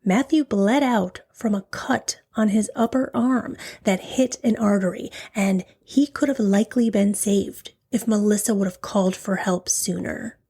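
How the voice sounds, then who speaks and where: Woman telling a true crime story, breathy drops. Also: mid-range voice, dark tone. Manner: dramatic, drops to a whisper for emphasis; slows right down on key phrases. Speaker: true crime podcast host. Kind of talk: scripted true crime narration.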